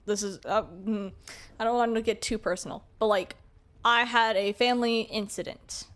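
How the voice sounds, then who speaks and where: A woman's voice: mid-range voice, fairly even intonation, normal speed, a bit bright. A young adult woman streamer chatting casually while gaming, speaking candidly and rambling, with lots of filler words.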